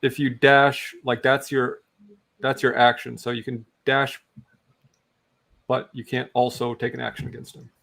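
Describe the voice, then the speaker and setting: A man running a tabletop game as game master, in a laid-back, halting way with many ums. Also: mid-range voice, little pitch movement, creaky, a bit bright.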